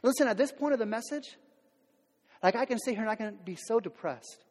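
High-voiced pastor preaching in a reverberant hall. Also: male voice, lively intonation, a little fast, darkish tone. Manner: candid, conversational preaching with many "like" fillers and restarts; acts out quoted voices of everyday people. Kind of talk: sermon.

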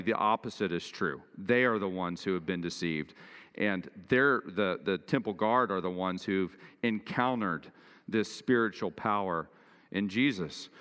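Deep-voiced man preaching in a reverberant hall. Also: a bit bright, smooth. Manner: earnest preaching, rising in pitch and force for emphasis. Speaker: pastor. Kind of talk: sermon.

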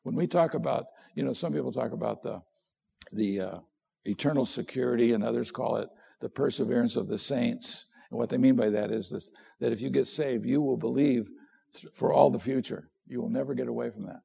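A man's voice: mid-range voice, fairly quick, creaky, warm tone, breathy edge. A middle-aged man preaching a sermon as a pastor, conversational and direct, posing questions to his listeners.

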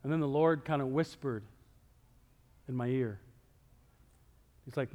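A man preaching a sermon as pastor, talking conversationally and swinging between loud emphasis and near-whispers. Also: mid-range voice, a little slow, long pauses, big-room sound, muffled recording. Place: church sanctuary.

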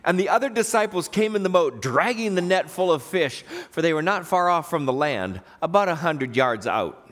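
Preacher, male, slightly high voice, lively storytelling sermon. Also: normal speed. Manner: animated storytelling, acting out quoted voices. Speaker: pastor.

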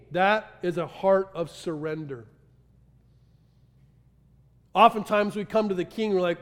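Man, preacher, high voice, urgent then hushed, echoing hall. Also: measured pace, long pauses. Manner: impassioned, swinging from loud urgency to hushed intensity. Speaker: pastor. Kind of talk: sermon. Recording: long hall reverb.

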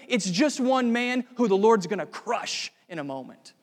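A man's voice: sits high, expressive, moderate pace, few pauses, in a large hall. A male pastor preaching a sermon, earnest and building to fervent emphasis.

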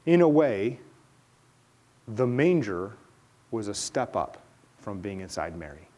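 A middle-aged man, a pastor, preaching an earnest sermon that rises to loud, high-pitched emphasis at its peaks. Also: sing-song, slow.

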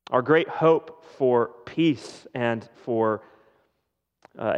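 Slow, measured male preacher in a reverberant hall. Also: medium pitch. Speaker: pastor. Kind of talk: sermon. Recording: dull lo-fi sound with long hall reverb.

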